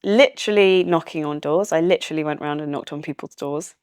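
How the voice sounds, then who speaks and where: A young woman with a Welsh accent, chatting as an estate manager in an interview, relaxed and enthusiastic and quick to laugh. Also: low voice, clean tone, no room sound, clean studio sound. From Wales. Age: young adult. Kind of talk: casual interview chat.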